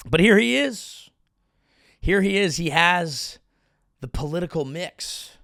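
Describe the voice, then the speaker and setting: A man's voice: high voice, expressive, slow pace, creaky, pauses often, a bit bright, dry recording, studio quality. A man in his thirties, a comedian hosting his show, rambling through a profane, self-deprecating monologue. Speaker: comedian host.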